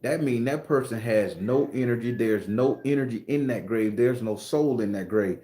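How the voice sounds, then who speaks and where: A man's voice: medium pitch, normal speed, warm tone. Profane, joking man in an echoey room. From Florida. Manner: profane, loose and joking, with slang. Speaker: host and spooky storyteller. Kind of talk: casual livestream chat.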